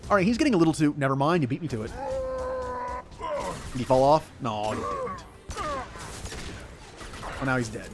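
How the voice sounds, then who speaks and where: A man's voice: mid-range voice, sing-song, normal speed, pauses often, background noise. A man chatting casually over gameplay, rambling and poking fun at himself. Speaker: gaming streamer. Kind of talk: casual let's-play commentary.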